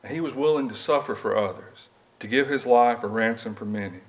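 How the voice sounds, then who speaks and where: In a church building, a man with a medium-pitched voice preaches briskly. He reads scripture and poses rhetorical questions to the congregation in an earnest, conversational manner.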